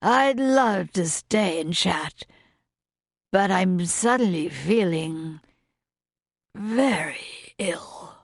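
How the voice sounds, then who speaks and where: A woman voicing a drunken, lecherous young gentleman with a slurred, drawling delivery in an audiobook. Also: lowish voice, animated, takes it slowly, gravelly, no room sound, studio quality, heavily acted. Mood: smug.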